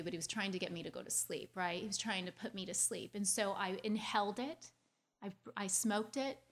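A woman sharing a painful childhood story with her audience in an earnest, confiding way, talking quickly and restarting her phrases as she speaks. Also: mid-range voice, fairly bright tone. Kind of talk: heartfelt personal storytelling.

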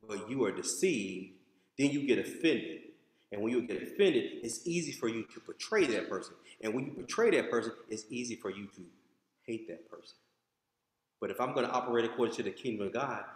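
An American man preaching in a church, his voice swinging between loud punchy lines and low asides. He talks straight to the congregation in a loose, conversational way. The sound rings with a long echo, as in a large hall. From United States. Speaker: pastor. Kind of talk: sermon. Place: church sanctuary. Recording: echoey hall.

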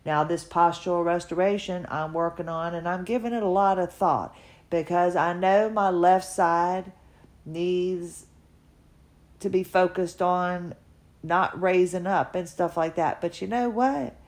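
Middle-aged woman, slow and earnest podcast monologue, emotional and encouraging. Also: on the low side, fairly even intonation. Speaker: podcaster sharing her health journey. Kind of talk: casual personal monologue.

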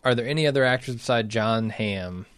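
A man co-hosting a podcast, chatting casually and keeping the list moving, sometimes spelling names out loud. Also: medium pitch, a little fast, clear, resonant tone, no room sound, studio quality. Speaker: podcast co-host. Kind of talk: casual chat.

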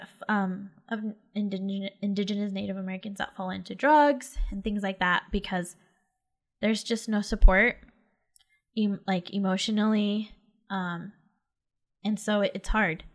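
A young woman from the Los Angeles area co-hosting a podcast in casual chat, full of "like" and "um" fillers. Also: mid-range voice. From Los Angeles area, California. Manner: chatty, lots of "like" and "um" fillers. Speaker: podcast co-host.

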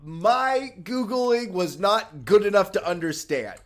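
A young man with a high, very lively voice reads an old fairy tale to a friend on a casual podcast. He swoops up into exaggerated, shouted voices for angry peasants and croaking frogs, then drops back into chatty asides. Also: slow pace. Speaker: podcast host reading fairy tales. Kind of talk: casual comedic podcast chat with dramatic story reading.

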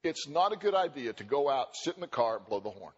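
Animated man preaching in a reverberant church. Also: medium pitch, fast talker, husky. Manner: animated, acts out quoted voices, joking asides. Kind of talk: sermon. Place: church sanctuary. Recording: dull recording with long hall reverb.

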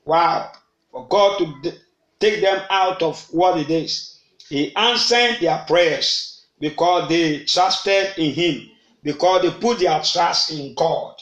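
A man's voice: on the high side, takes it slowly, a bit bright, reverberant, low-quality recording. A man preaching a midnight prayer sermon, repeating phrases and prompting the congregation to answer, sometimes slipping into tongues. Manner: slips into rhythmic tongues. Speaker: pastor.

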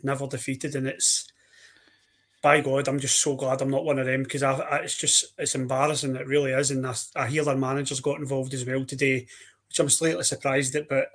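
A man with a Scottish accent co-hosting a football podcast, telling stories in a dry manner and now and then clearing his throat. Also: mid-range voice. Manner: dry, even-toned storytelling with throat clearing. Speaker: podcast co-host. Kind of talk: casual football podcast chat.

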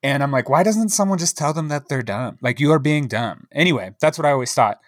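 A man's voice: on the high side, expressive, fast talker, no echo, clean studio sound. A man co-hosting a podcast, telling a rambling story in casual chat with lots of fillers and a wry tone. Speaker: podcast co-host.

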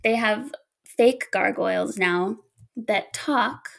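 Slow, gravelly woman chatting casually. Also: mid-range voice. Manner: laughs often while telling stories. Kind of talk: casual chat.

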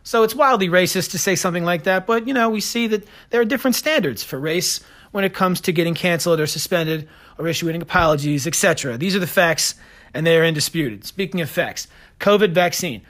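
A man's voice: high voice, fairly bright tone. A man hosting a solo podcast, ranting in a combative, sarcastic way and daring listeners to prove him wrong. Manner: combative, sarcastic, fast-talking. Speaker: podcast host. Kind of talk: opinionated solo podcast rant.

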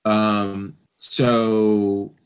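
A man's voice: fairly low pitch, little pitch movement, very slow, clear, resonant tone. Hesitant man asking rules questions. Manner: hesitant, asks rule questions with many ums. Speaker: player. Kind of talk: tabletop game play.

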